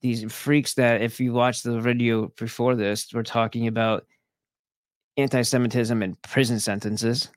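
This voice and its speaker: Male host ranting to his viewers: sarcastic, profane, rambling, mid-pitched voice, dry close sound. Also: flat delivery, a little slow, dry recording. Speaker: host of his own online show. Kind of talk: casual rant to viewers.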